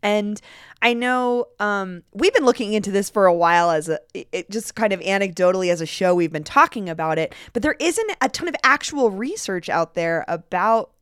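A woman's voice: medium pitch, animated, normal speed, a bit bright, clean tone, no echo, studio quality. A woman from Denver hosting a podcast, reading a scripted intro and then chatting with guests in a curious, talkative way. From Denver, Colorado. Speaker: podcast host.

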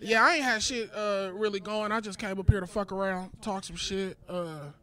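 A man in his thirties doing a casual, joking stand-up set with a light, high voice. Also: fairly even intonation, moderate pace, a bit bright. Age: 30s. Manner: high light voice, loose and joking, swears a lot. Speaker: stand-up comedian. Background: small crowd laughing.

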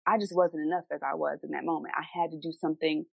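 Philly-accented woman podcast co-host, low and gravelly, dry close sound, candid storyteller. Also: steady tone, fast, dry recording, poor audio. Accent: Philadelphia. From United States. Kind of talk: casual live conversation.

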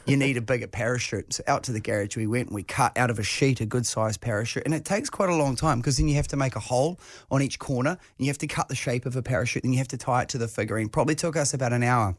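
A man's voice: medium pitch, quick pace, few pauses, no echo, studio quality. A man with a New Zealand accent, co-hosting a breakfast radio show and telling a rambling story about his kid. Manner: chatty, rambling anecdote. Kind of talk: casual on-air storytelling. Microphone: studio microphone.

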